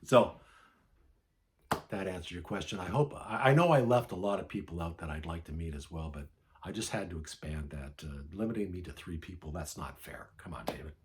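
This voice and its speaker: A man's voice: low voice, expressive, brisk, slight background noise. A man hosting a vinyl collector channel, chatting casually and rambling with lots of fillers, with hiccups. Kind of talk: casual vlog chat.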